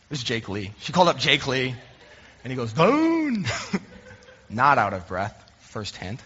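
A man preaching from the pulpit, slipping easily between light storytelling and earnest points. His voice carries a husky, slightly breathy edge, and the dull recording sits in a long, reverberant church hall. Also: medium pitch, moderate pace, pushed and bright. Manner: conversational, self-deprecating storytelling. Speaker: pastor. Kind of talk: sermon with humorous anecdotes. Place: church sanctuary.

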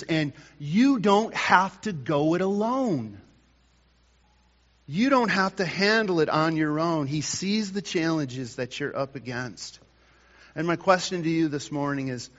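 A man preaching a sermon at an unhurried, deliberate pace, his voice sitting a little high for a man. He swings between loud, emphatic bursts and soft, quiet lines. The sound is dull and rings with a long reverb from a large hall. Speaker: pastor.

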